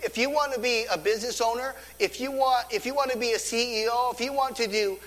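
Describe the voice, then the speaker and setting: A man's voice: extremely high pitch, quick pace, big-room sound. A man preaching a sermon to his congregation, acting out voices in the stories he tells. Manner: animated preaching, acts out quoted dialogue. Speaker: pastor. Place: church sanctuary. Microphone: stage microphone on stand.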